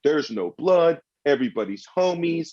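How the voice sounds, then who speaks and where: A man's voice: fairly high pitch, expressive, normal speed. A man arguing heatedly and swearing freely in a comedic podcast debate. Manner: loud, argumentative, swears a lot. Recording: dull lo-fi sound.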